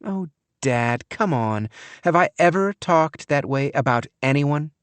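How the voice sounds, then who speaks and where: A man's voice: a little high, animated, a little slow, clean tone, no echo, voice pushed up. A man voicing a cold, scheming young woman in an audiobook, with a breezy, offhand delivery. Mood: breezy, callous. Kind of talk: audiobook character voice.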